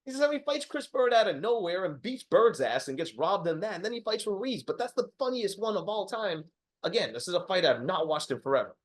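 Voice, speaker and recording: Podcast co-host, man, slightly high voice, profane and animated storyteller. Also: a little fast. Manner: lively, profane storytelling with laughs. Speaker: podcast co-host, boxing historian. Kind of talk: casual podcast chat.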